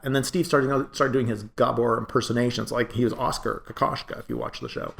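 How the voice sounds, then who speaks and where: A man with a gravelly, creaky voice tells his story in an interview. His pitch swings widely as he slips into other people's lines and plays out the dialogue. He sits at a middle pitch. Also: quick pace, hardly any pauses. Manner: animated storytelling, acting out quoted dialogue. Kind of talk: oral-history interview recollection.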